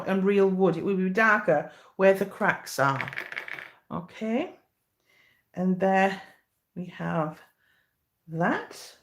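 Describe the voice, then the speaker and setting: A middle-aged woman talks viewers through a cake decorating demonstration. She takes her time, pausing and filling gaps with "um" as she works. Her manner stays chatty and reassuring. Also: mid-range voice, a little hiss or hum. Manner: chatty, encouraging, slow and patient with fillers. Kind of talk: live baking demonstration.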